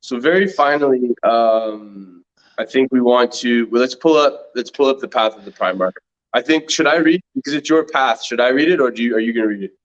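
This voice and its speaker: Canadian male podcast co-host, mid pitch, playful reader, slightly muffled audio. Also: a little fast. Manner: playful, chuckles while reading. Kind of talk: casual podcast chat, reading a text aloud.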